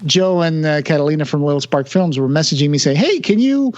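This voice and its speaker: A man's voice: on the high side, fairly even intonation, fast, muffled recording. A man co-hosting a podcast in casual chat, talkative and self-deprecating, full of fillers and restarts. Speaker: podcast co-host.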